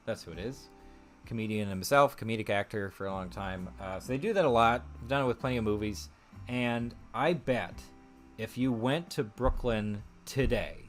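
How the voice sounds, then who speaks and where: A man with a fairly low voice hosting a relaxed live stream. He rambles and thinks out loud, with plenty of ums and small laughs as he goes. Faint guitar music plays quietly behind him. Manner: rambling and chatty, laughs often, thinks aloud with many fillers. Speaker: streamer host. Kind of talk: casual live-stream chat.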